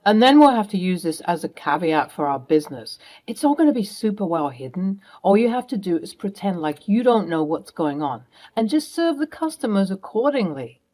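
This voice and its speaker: This is a scheming middle-aged stepfather, voiced by a woman, all bluster and quick denials. He stammers and raises his voice whenever he is cornered. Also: mid-range voice, big pitch swings, warm tone. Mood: smug. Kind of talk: storytime role-play.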